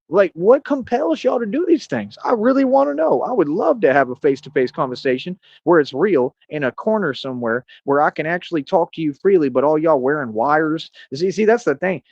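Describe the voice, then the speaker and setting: A man's voice: a little high, no echo. A man ranting on a live stream, boastful and confrontational, full of street slang. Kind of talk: casual ranting monologue. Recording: dull lo-fi stream audio.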